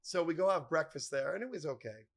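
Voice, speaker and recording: Gravelly middle-aged man rambling in a bar. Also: fairly high pitch, animated, fast. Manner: rambling, profane, jokey name-dropping. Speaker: podcast host. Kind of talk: casual storytelling chat.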